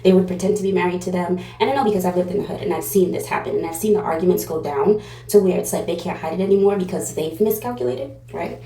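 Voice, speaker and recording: A woman's voice: lowish voice, quick pace, dark tone, echoey room, slight background noise, poor audio. A woman giving a casual pick-a-card tarot reading, rambling and digressive with lots of fillers. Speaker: tarot reader.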